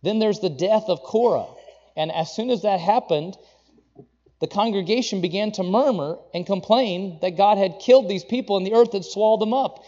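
Male preacher, slightly high mellow voice, conversational sermon with emphatic scripture quotes, dull lo-fi recording. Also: normal speed.

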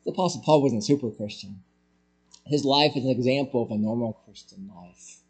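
A male pastor preaching a sermon, asking the congregation rhetorical questions and swinging between loud emphatic peaks and hushed, quiet phrases. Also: mid-range voice, brisk, husky.

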